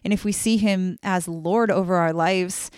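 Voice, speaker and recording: Woman podcast co-host, casual and earnest, filler-heavy, slightly low voice, dry room. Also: steady tone, moderate pace, clean tone, dry recording. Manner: chatty, many fillers, warm and earnest. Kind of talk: casual Bible study chat.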